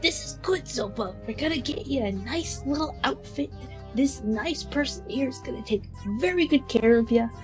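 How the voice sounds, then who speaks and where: A woman's voice: medium pitch, steady tone, unhurried, faint music behind, close to an everyday voice. A woman voicing a small, scrappy young male airbender who talks in casual slang. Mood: gentle. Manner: chatty, laid-back slang.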